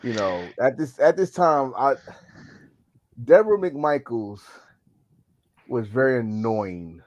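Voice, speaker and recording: A man's voice: medium pitch, big pitch swings, takes it slowly, dry recording. A man co-hosting a podcast, telling things in an emphatic, joking and profane way. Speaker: podcast co-host. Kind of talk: casual chat about pro wrestling. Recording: dull, lo-fi sound.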